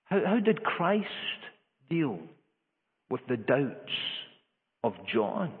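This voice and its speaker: A man preaching a sermon in an earnest way, his voice rising higher and louder for emphasis, with frequent restarts. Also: big pitch swings, very slow. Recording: echoey hall over a tinny lo-fi line.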